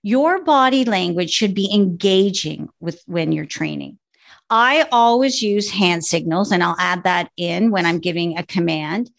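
A woman dog trainer with a gravelly, fry-tinged voice. She explains each point in a steady, instructive way, in relaxed podcast conversation. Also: lowish voice, measured pace.

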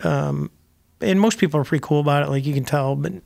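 An older man's gravelly, somewhat high voice, chatting as an interview guest. He rambles through anecdotes with frequent restarts and wry, chuckling asides. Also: fast, darkish tone. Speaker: guest, retired Navy pilot. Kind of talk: casual interview chat.

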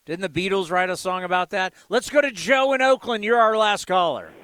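Bright, upbeat sports radio host. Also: male voice, sits high, fairly quick, hardly any pauses, dry recording.

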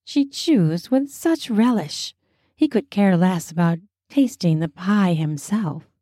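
A woman narrating a story in a slow, soft, intimate way. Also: on the low side, animated, no room sound, studio quality. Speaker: storyteller and host.

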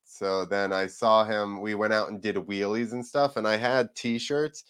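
A man with a fairly low voice sits in as a guest and spins a long, rambling story. He talks casually, drops the odd swear word, and slips into quick impressions of the people he is quoting. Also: fairly even intonation, a bit bright, clear, resonant tone. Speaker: podcast guest, freestyle motocross rider.

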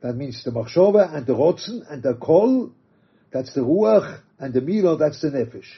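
A man teaching a religious text, reading quotes aloud and explaining them halting restarts. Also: a little high, animated, breathy edge. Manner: reads Aramaic and Hebrew quotes then explains in English, halting restarts. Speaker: Torah teacher. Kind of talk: text study lecture. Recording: dull lo-fi recording.

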